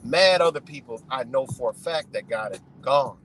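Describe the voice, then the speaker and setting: A man's voice: medium pitch, expressive, moderate pace, fairly bright tone, low-quality recording. A man ranting casually and profanely from his car on a live stream, rambling and saying "you know" over and over. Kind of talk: casual rant. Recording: clear music under the voice.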